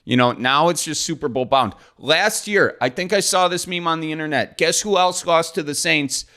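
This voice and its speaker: A man's voice: a little high, normal speed, sharp tone. A man, hosting his podcast in a folksy, joking, rambling way. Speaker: podcast host. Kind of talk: casual solo podcast intro.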